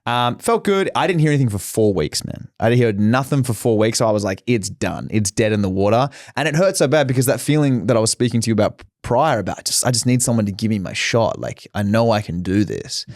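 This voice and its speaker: A man's voice: mid-range voice, animated, fast, few pauses, dry recording, clean studio sound. A young man, an actor, telling candid stories in a casual interview and acting out the quotes. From Australia. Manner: candid storytelling with swearing and acted-out quotes. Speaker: actor guest.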